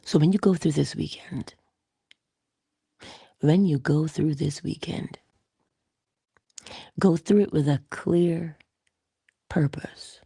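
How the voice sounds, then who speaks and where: A woman's voice: deep voice, slow, gravelly, long pauses, warm tone, breathy edge, dry recording, clean studio sound. A middle-aged woman hosting a casual inspirational morning talk, dropping into whispers for emphasis and laughing often as she tells a story. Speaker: host of a morning inspiration show.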